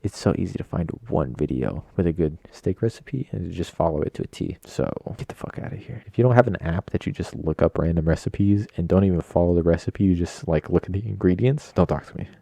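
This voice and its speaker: A young man with a low, gravelly voice hosts a solo podcast from his home computer. He rambles casually, tossing in slang and self-deprecating jokes. His tone is very dark and mellow, and the recording is dry and close. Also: brisk, hardly any pauses, no room sound. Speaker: podcast host.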